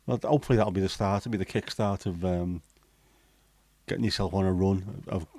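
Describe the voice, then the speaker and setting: A middle-aged man reads out viewer comments during a casual livestream and fires back blunt answers, swearing freely. His voice sits low and mellow, steady in tone and brisk in pace, with no echo.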